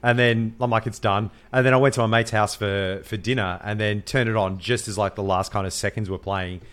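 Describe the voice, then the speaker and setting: Upbeat Australian bloke, lowish voice. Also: male voice, fairly even intonation, brisk, a bit bright, clean tone. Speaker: podcast co-host. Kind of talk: casual chat.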